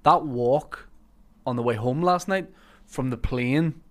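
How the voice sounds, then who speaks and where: Man, podcast host, casual chat, lively storytelling, mid-range voice. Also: medium pitch, takes it slowly. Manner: animated storyteller, acts out overheard voices.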